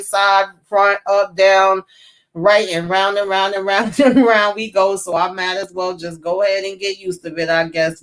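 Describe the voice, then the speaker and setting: A woman hosting a casual live recap of a TV show, exasperated and ranting as she talks straight to her viewers. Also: lowish voice.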